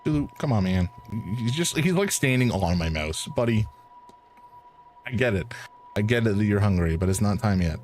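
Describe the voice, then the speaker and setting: A man's voice: fairly low pitch, animated, normal speed, darkish tone, a little hiss or hum. A man casually commenting while streaming a game, with chatty, playful asides.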